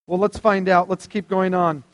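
A man's voice: sits high, little pitch movement, normal speed, long reverb tail. A man preaching a sermon to a live audience, conversational and asking them questions. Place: hall with stage lights.

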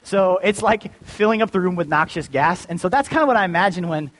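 A man's voice: sits high, expressive, brisk, fairly bright tone, low-quality recording. A young man giving a casual, joking sermon as a youth pastor, full of fillers and restarts. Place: church.

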